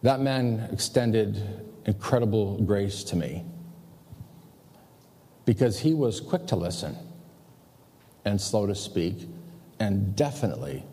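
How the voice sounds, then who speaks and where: A pastor telling a personal story in a sermon, animated and self-mocking as he confesses his own failings. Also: fairly low pitch, slow pace, pauses often, husky. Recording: long hall reverb.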